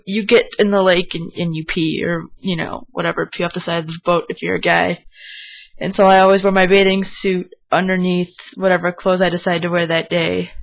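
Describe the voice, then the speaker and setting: A young woman casually telling a personal story, chatty and lively, recorded on a dull, lo-fi mic. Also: lowish voice. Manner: chatty, animated when quoting herself yelling.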